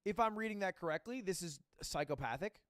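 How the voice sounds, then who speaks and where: A man giving casual, joking commentary on videos, expressive and swearing freely. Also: high voice, brisk, dry recording, clean studio sound. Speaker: reaction video creator.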